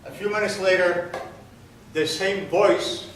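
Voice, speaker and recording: A man's voice: fairly high pitch, a little slow, pauses often. Older man telling his story in an echoey hall. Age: 70s. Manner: earnest storyteller, addresses audience directly. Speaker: guest speaker. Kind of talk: spoken testimony to an audience. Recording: very echoey hall, far from mic, faint noise.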